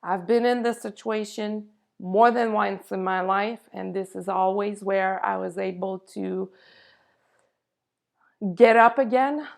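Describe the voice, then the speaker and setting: A woman giving an earnest spiritual talk to camera, in unhurried, drawn-out phrases. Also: mid-range voice, creaky. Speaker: spiritual channel host. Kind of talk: slow spiritual monologue to camera.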